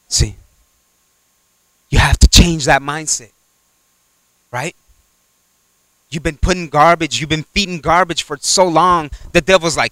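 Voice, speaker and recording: Animated preacher man, bright voice. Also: fairly high pitch, a little slow, pauses often, no echo. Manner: animated, swings from loud exhortation to quiet asides; acts out little dialogues in character voices. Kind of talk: sermon.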